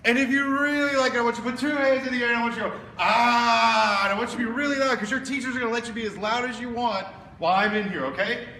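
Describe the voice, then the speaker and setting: A man giving a loud, playful recruiting pitch to children, using call-and-response. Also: racing, hardly any pauses. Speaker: district director. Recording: echoey hall, distant mic, crowd noise.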